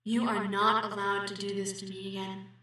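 A woman voicing a calm, formal male alien who speaks in a precise, measured way. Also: medium pitch, heavy reverb, far from the mic, close to an everyday voice. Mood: stern.

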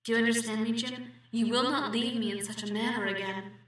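Spock, as a woman reads him: formal and measured. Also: fairly high pitch, steady tone, a bit bright, very echoey, distant mic, natural voice. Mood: stern. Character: calm formal male alien, precise and protective.

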